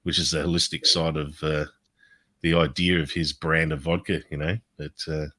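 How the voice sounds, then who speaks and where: A laid-back Australian man in casual conversation, searching for words with filler pauses and chuckles. His voice is very low and sounds close and dry. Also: flat delivery, bright, forceful tone, dry recording, poor audio. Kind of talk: casual chat.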